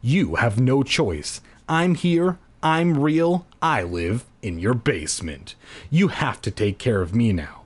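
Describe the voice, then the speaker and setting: A man reading aloud as a menacing young man who lives in a basement, speaking low, cold and insistent. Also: big pitch swings, slow. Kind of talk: comedic dramatic reading.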